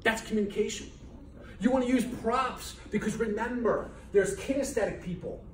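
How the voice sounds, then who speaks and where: A man's voice: sits high, moderate pace. Emphatic man lecturing in an echoey hall. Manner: emphatic and preachy, repeating key words and firing rhetorical questions. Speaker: chiropractor lecturing business students. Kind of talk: motivational classroom lecture. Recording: echoey hall from far off, faint noise.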